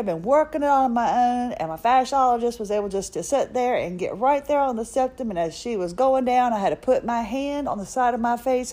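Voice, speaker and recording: A woman's voice: on the high side, darkish tone. A middle-aged woman hosting a podcast, telling a personal story in a chatty, self-mocking way. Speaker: podcast host. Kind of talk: casual personal monologue.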